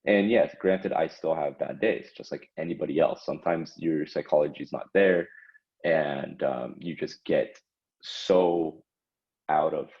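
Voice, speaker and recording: A man's voice: rumbling low, a little slow. A man giving casual instructional talk about trading, conversational, with frequent fillers and tag questions like "right?" and "okay?". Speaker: trading educator. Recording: dull lo-fi recording.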